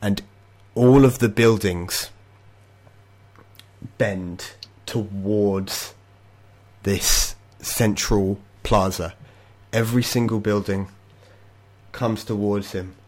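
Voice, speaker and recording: A man narrating as game master of a tabletop game over an online call, descriptive and halting. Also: lowish voice, steady tone, a little mellow.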